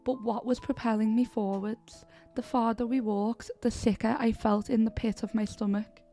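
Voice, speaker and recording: Gravelly woman narrating a horror story. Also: a little high, steady tone, normal speed, dark tone, faint music behind. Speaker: podcast host and story reader.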